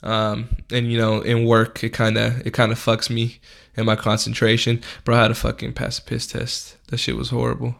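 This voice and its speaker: A young man with a gravelly, creaky edge to his voice and an everyday middle pitch. He tells a podcast story in a loose, unhurried way, heavy on slang and swearing. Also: monotone, fairly bright tone. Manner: laid-back, profane, slangy storytelling. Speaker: podcast host. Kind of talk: casual storytelling.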